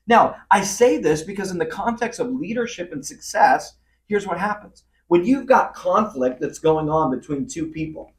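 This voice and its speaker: A man with a fairly high voice gives a lively motivational leadership talk, speaking straight to the listener. He sits a little back from the mic, so the sound is slightly distant. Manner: animated, acts out quoted voices, addresses the listener directly. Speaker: leadership speaker and podcast host.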